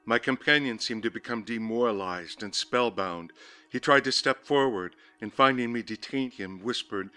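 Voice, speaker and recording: A man's voice: mid-range voice, bright, forceful tone. Man narrating gothic horror over faint music. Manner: measured, ominous, lingering on words. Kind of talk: dramatic audiobook reading of a horror story.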